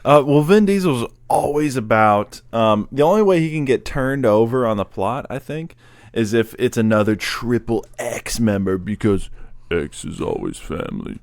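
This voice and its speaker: Animated man retelling movie scenes. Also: mid-range voice, moderate pace, no echo, studio quality. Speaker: podcast co-host. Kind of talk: casual comedy podcast chat.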